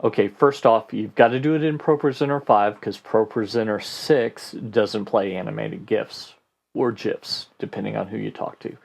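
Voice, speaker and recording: A man hosting a casual question-and-answer podcast, answering listener questions in a relaxed way and thinking aloud with fillers. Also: fairly low pitch, normal speed, vocal fry, few pauses. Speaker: host.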